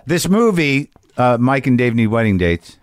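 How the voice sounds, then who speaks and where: A man hosting a podcast, chatting casually and rambling in self-deprecating, animated asides. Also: mid-range voice, normal speed, no echo, clean studio sound. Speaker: podcast host. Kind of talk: casual podcast chat and monologue.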